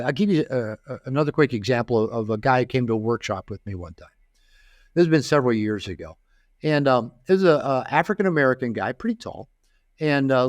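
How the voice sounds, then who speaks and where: An older man, a therapist and author guesting on a podcast, tells stories in a relaxed interview, animatedly acting out quoted voices and often repeating and restarting words. His voice is medium-pitched, and the recording is dry, clean studio sound.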